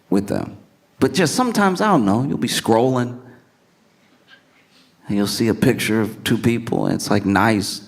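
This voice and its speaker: A male stand-up comedian telling a story with animated delivery and wry asides. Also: fairly low pitch, a little slow, gravelly, long pauses. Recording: noisy live recording.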